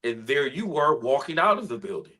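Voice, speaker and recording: A man who is a spoken word artist, a guest in an interview, telling a personal story in an earnest, heartfelt way that grows quiet when he is moved. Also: medium pitch, sing-song, fairly quick, soft background music, rough recording.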